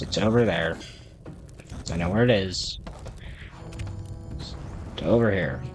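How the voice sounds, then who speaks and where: Deep-voiced guy rambling thru a game, talks to the characters, music in the background. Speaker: gaming video creator. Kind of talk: casual gameplay commentary. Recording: music playing behind the voice.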